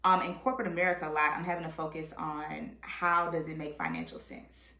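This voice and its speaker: A woman with a lowish voice talks as a guest in an easygoing conversation. She talks in an animated way, acting out what others said and often asking "right?". The sound carries a roomy echo. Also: a little fast. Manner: animated, acts out quotes, says "right?" often. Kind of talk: casual conversation.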